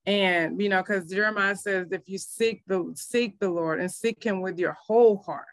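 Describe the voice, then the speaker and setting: A woman's voice: mid-range voice, normal speed, no room sound. A middle-aged woman pastor, telling her faith story in an earnest, emotional way. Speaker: pastor and minister. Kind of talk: testimony in a faith interview.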